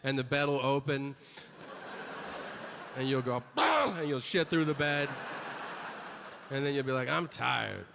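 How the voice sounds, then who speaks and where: A man's voice: mid-range voice, level tone, measured pace, pauses often, long reverb tail, background noise. A man performing a stand-up comedy set, ranting with exasperated, profane punchlines and acted-out voices.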